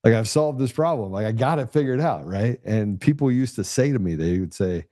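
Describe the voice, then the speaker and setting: A man hosting a podcast, telling blunt, profane, animated stories in a casual conversational way. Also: on the low side, brisk, no room sound, clean studio sound. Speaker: podcast host.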